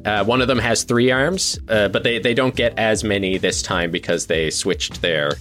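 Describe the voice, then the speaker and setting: A man's voice: fairly low pitch, normal speed, fairly bright tone, faint music behind. A man narrating a tabletop role-playing game as game master, laughing often between descriptions.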